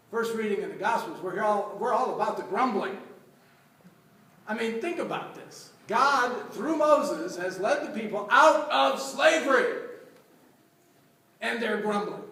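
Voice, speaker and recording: A man with a high voice gives a storytelling homily as a deacon. He is recorded from a distance in a church, and his voice carries a heavy echo. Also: fairly bright tone, a little hiss or hum. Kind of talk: sermon. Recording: echoey church from far off.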